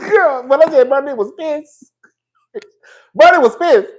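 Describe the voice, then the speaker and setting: Slow sassy man dishing gossip. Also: very high-pitched, animated, poor audio. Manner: sassy, profane, chatty, calls the audience "girl"; laughs often between lines. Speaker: celebrity gossip commentator. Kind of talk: casual gossip commentary.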